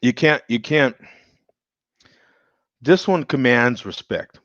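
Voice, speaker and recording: A man's voice: mid-range voice, slow pace, fairly bright tone, no echo, lo-fi sound. A man casually reviewing a beer on a live stream, joking and laughing often as he chats with viewers.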